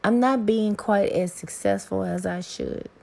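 A woman's voice: medium pitch, measured pace, vocal fry, a little mellow. A woman hosting her own podcast, talking candidly in a rambling, salty, self-deprecating way. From American South. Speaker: podcast host. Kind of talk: casual solo podcast monologue.

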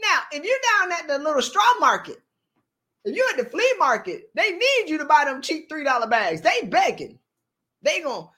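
A woman's voice: sits high, normal speed. A woman giving a motivational talk, preachy and joking, acting out little scenes of dialogue as she speaks. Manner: animated, preachy, jokes and acts out dialogue. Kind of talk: motivational talk with acted-out asides. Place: streamed live talk.

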